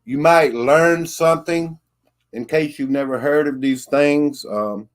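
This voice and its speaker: Slow-talking man greeting viewers. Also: fairly high pitch. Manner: slow, friendly, thanks chatters by name. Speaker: livestream host. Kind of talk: casual livestream chat, greeting viewers.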